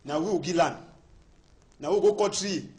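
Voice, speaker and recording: A man's voice: on the high side, moderate pace, a little mellow. A man from Cameroon speaking Cameroonian Pidgin English as a panelist in a heated studio debate, emphatic and repeating words as he builds his points.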